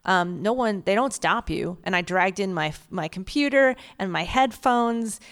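A woman's voice: mid-range voice, animated, measured pace. A woman co-hosting a comedy podcast in front of a live audience, chatting casually and profanely and slipping into silly voices. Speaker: podcast co-host.

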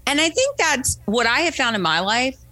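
Telling a story as a guest in a casual interview, a woman from the United States animatedly voices the people she quotes and keeps tossing in "right?". She speaks at a normal speed in a high voice, with no room sound.

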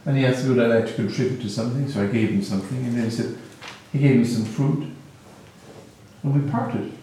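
A man with an Irish accent, a native Gaelic speaker, giving a reflective spiritual talk in a musing, gently humorous storytelling manner. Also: mid-range voice, fairly quick, a little hiss or hum. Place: hall with a live audience. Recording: very echoey hall, mic far off.

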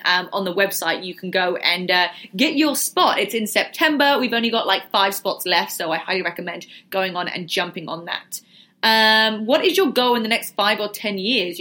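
In a livestream Q&A, a young fitness and business vlogger answers questions from viewers in a relaxed, chatty way. She speaks in a bright, forceful mid-range voice.

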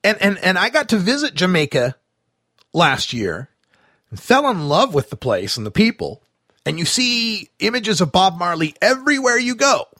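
A man hosting a talk radio show, delivering an animated, sarcastic monologue with plenty of fillers and asides. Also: high-pitched, normal speed, no room sound, clean studio sound.

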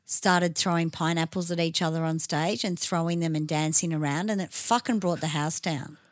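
A woman's voice: deep voice, moderate pace, no echo, clean studio sound. A woman with an Australian accent co-hosting a podcast, telling blunt, sweary stories in casual chat. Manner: blunt, sweary, animated storyteller. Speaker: podcast co-host.

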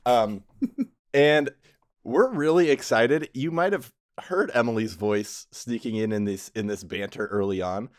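A man's voice: mid-range voice, measured pace. A man hosting a casual group podcast, rambling and correcting himself with frequent laughs. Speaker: podcast host and game master.

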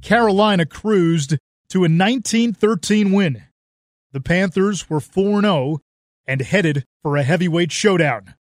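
A man narrating a sports documentary in a measured, scripted way. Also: high-pitched, no echo, clean studio sound, faint music behind.

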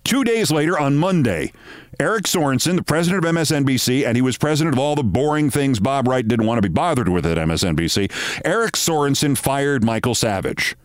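A man's voice: medium pitch, animated, brisk, no echo. A man hosting a podcast, delivering scripted political commentary in a sardonic, emphatic storytelling manner. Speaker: podcast host.

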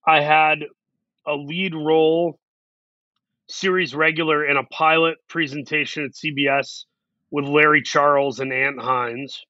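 A man's voice: fairly high pitch, fairly even intonation, unhurried, bright, forceful tone, no echo, dull audio. A man, an actor guest, telling long self-deprecating stories in a casual interview. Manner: rambling, self-deprecating anecdotes.

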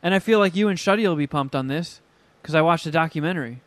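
A man with a slightly high voice chats casually on a podcast, telling stories in a loose, profane way. He acts out quotes as he goes. The sound is dry and close. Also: quick pace, no room sound. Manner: profane, animated storytelling with acted-out quotes. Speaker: podcast co-host. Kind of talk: casual chat.

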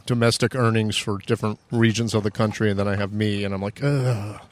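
A man's voice: on the low side, flat delivery, brisk, no room sound. A man co-hosting a podcast, telling a self-deprecating story in casual comedic chat and acting out the people he quotes. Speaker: podcast co-host.

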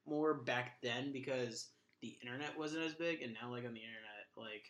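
A man's voice: mid-range voice, moderate pace, a bit bright, roomy sound. A young man co-hosting a podcast, talking in a loose, jokey way with lots of fillers. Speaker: podcast co-host. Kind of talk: casual chat.

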